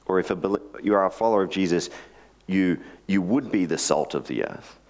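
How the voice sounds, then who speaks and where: A man's voice: low voice, animated, normal speed. A man giving a sermon, telling a joke story in a chatty way with joking asides before praying and teaching. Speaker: preacher.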